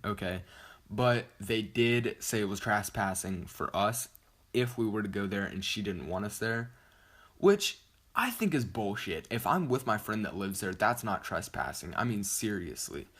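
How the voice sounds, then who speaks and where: This teenage boy vlogger has a fairly low, slightly bright voice. He tells his story loosely and rambles, swearing often and leaning heavily on "like."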